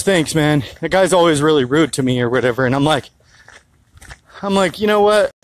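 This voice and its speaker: A man's voice: a little high, slight background noise, rough recording. A man talking casually into his phone for his vlog, rambling and swearing as he tells a story. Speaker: health vlogger. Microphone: handheld phone held low.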